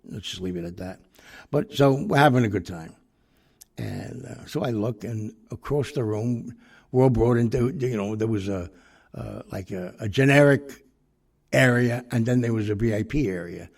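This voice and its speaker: Gravelly older New storyteller. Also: male voice, fairly low pitch, moderate pace. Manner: rambling, profane, with many fillers. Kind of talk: casual anecdote.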